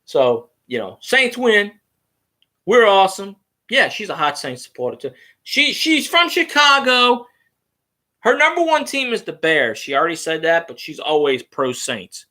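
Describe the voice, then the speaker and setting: A man's voice: high-pitched, sing-song, measured pace, pushed and bright. A man, rambling casually and crudely on his fan vlog. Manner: loose, rambling and crude, with fillers. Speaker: fan vlogger.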